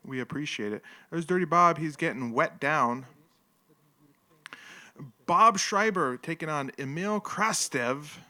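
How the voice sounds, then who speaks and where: A man's voice: on the high side, lively intonation, takes it slowly, pushed and bright. A man hosting a live stream, casually commenting on an old fight with jokes, rambling asides and frequent laughter. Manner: rambling, joking, laughs often. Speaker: livestream host.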